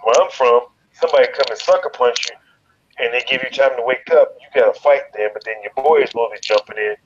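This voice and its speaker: A man from Chicago telling a wild story in an interview, profane and animated, leaping into loud quoted voices. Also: mid-range voice, a little fast, muffled recording, slight background noise. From Chicago, USA. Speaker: guest, fighter.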